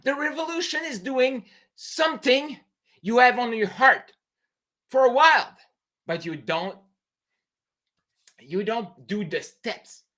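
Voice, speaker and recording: A man with a French Canadian accent, a native French speaker, giving a fervent, halting monologue as an entrepreneur coach on a late-night live stream. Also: very high-pitched, pushed and bright. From New Brunswick, Canada. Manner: emphatic, fervent, halting non-native English with broken phrasing.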